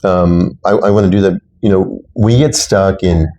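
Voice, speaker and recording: A middle-aged man from Texas with a very low voice speaks as a guest in an interview. He tells stories from his own life in an earnest, personal way. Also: steady tone, moderate pace, dark tone. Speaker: city council candidate. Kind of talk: interview conversation.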